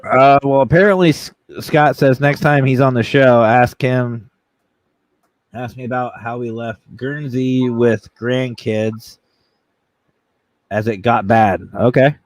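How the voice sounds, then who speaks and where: Guy hosting a chat show, jokey animated storyteller, dry close sound. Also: mid-range voice, slow, no echo. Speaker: podcast host.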